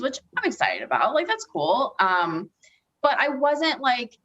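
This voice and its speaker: A woman's voice: sits high, very animated, unhurried, fairly bright tone, highs cut off, slight background noise. A woman guest in a casual podcast chat, who talks in long runs with many fillers. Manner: rambling, heavy on filler words.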